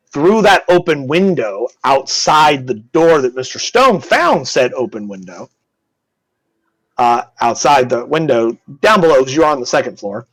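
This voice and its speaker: A male game master narrating a tabletop session. He rambles and corrects himself as he goes. His voice has a middle pitch and a dry, close sound. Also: no echo.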